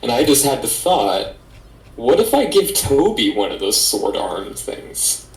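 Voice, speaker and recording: A man playing a tabletop game, talking in a relaxed, matter-of-fact way. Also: mid-range voice, measured pace, creaky, roomy sound, poor audio. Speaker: player. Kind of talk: tabletop game play, casual chat.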